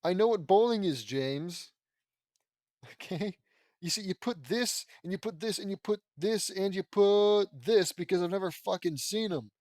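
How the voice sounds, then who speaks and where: A man's voice: sits high, expressive, a little slow, a little mellow, dry recording. A man reading fan fiction aloud and breaking in with sarcastic, swearing commentary. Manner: sarcastic, swears freely, laughs at the text. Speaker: audiobook reader.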